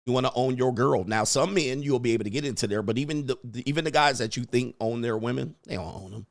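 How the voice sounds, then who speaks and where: A man's voice: mid-range voice, fast talker, creaky, no room sound. A man hosting a live stream as a dating coach, rambling crudely, reading viewer questions and putting on mock voices.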